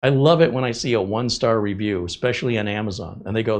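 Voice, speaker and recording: A middle-aged man hosting a casual live stream, telling stories in an animated way and laughing often. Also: lowish voice, fast talker. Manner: animated storytelling, frequent laughter. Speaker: host.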